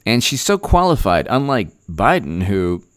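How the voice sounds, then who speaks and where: A man's voice: lowish voice, measured pace, dry recording, studio quality. Sarcastic male political commentator. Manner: mocking, deadpan sarcasm. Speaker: host.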